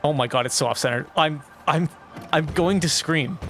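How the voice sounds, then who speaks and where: Young guy streaming a game, kinda high voice, keeps getting mad at it and yelling, faint music under. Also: normal speed. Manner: frustrated, exclaiming and swearing at the game; talks back to chat. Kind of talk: live gameplay commentary.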